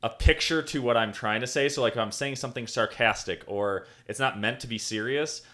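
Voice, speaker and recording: A man's voice: mid-range voice, brisk. Easygoing male co-host, mid-range voice, casual and conversational. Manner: relaxed, many fillers and agreeing yeahs. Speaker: podcast co-host, dentist. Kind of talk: casual interview talk.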